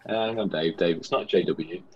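A British man co-hosting a comedy podcast, giving dry, deadpan replies in scripted pub banter. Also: sits low, fairly quick, husky, lo-fi sound. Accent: British English. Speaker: podcast co-host.

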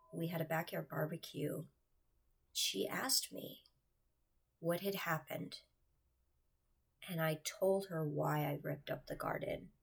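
A woman with a lowish, husky voice and a gravelly edge, speaking earnestly straight to her viewers. She tells a personal faith testimony in a confiding tone and often sinks into a hushed whisper. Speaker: churchgoer sharing a faith testimony.

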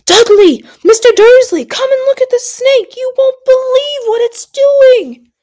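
A woman reading aloud, voicing a bratty schoolboy yelling across a room. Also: very high voice, measured pace, pitched above the performer's own voice. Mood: excited shouting. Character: loud excited bratty schoolboy.

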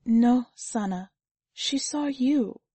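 A woman doing a soft-spoken, wise mother. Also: on the high side, slow, husky, dry recording. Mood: tender. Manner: soft, calm, slightly shaking. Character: gentle, wise mother speaking from beyond.

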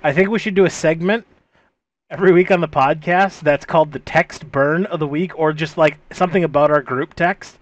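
A man co-hosting a podcast in casual chat, excitable and swearing a lot. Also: a little high, no room sound, dull audio. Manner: excitable, laughing, heavy swearing. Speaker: podcast co-host.

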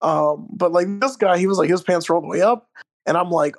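A man's voice: high-pitched, brisk. A young man in casual conversation, rambling through a story and laughing along the way. He talks loosely, with lots of filler words.

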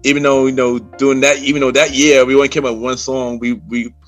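A man hosting a podcast, chatting easily with plenty of street slang and quick agreement. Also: medium pitch, flat delivery, faint music behind. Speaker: podcast host. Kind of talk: casual chat.

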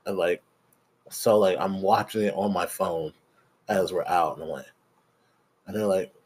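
A man's voice: low-pitched, fairly even intonation, a little slow, a little mellow, breathy edge. A young man chatting casually on a podcast, telling a story animatedly, acting out quotes and swearing freely. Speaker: podcast co-host. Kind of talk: casual chat.

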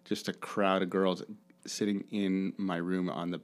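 A man's voice: low-pitched, little pitch movement, measured pace, clear, resonant tone. A Canadian man in his thirties, chatting casually and laughing often as he looks back on his college days. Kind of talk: casual chat.

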